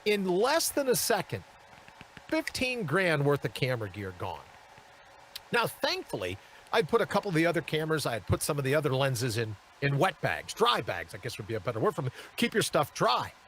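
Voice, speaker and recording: A man hosting a live talk show, telling a story in an animated way and acting out the people in it. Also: a little high, fairly quick, slight background noise. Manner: animated, acts out the people in his stories. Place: studio.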